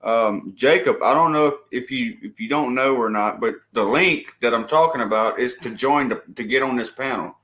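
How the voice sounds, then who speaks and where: A man hosting a live stream chat, gruff, teasing and plain-spoken. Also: mid-range voice, normal speed, hardly any pauses, a bit bright. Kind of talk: casual chat.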